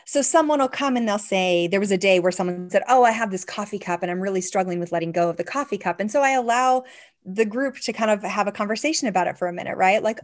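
Enthusiastic middle-aged woman, organizing coach, animated interview guest, mid-pitched voice. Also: quick pace. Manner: enthusiastic, animated, jumps up in pitch when excited. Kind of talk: casual interview chat.

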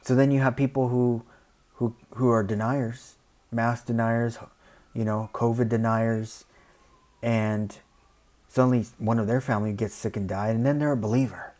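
A man speaking his mind in a casual monologue, rambling, saying "you know" often and acting out other people in quick asides. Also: lowish voice, steady tone, darkish tone. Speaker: commentator.

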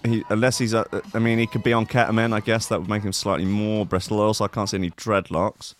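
A man's voice: fairly low pitch, little pitch movement, fast talker, faint music behind. A man hosting a comic show, riffing on odd news stories in a rambling, sardonic, sweary way. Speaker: host. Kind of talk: comic commentary on news clips.

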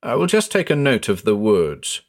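A man doing a courteous gentleman researcher. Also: mid-range voice, big pitch swings, moderate pace, natural voice. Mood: polite. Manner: courteous and precise. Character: polite, reserved English gentleman researcher.

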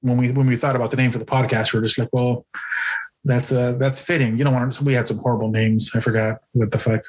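A man with a husky voice tells a rambling, profane story as a podcast co-host. He talks casually at a middling pitch, with many restarts along the way. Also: little pitch movement, fast, a little mellow, rough recording.

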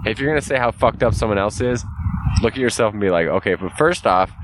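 A man's voice: fairly low pitch, fast talker, background noise. A young man co-hosting a podcast, talking casually, swearing a lot and laughing often. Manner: profane, animated, laughs often. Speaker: podcast co-host.

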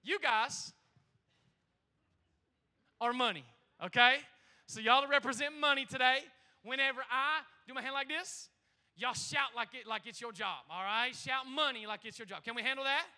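Young pastor guy preaching, really high voice, super bright and sharp, keeps calling out to the crowd. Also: normal speed, long pauses. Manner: energetic, repeats himself, calls out to the congregation. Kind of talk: sermon.

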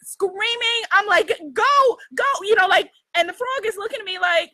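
A woman hosting a casual chat with her viewers, telling a story in an animated way, laughing often and asking "right?". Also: very high voice, normal speed, dry recording. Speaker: host addressing her viewers.

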